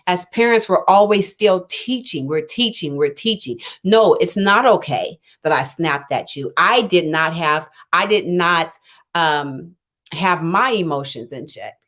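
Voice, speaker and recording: A middle-aged woman life coach, unwell and clearing her throat, chatting casually on a live stream and acting out both sides of her conversations. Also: lowish voice, fairly bright tone. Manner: conversational, rambling with many fillers and restarts.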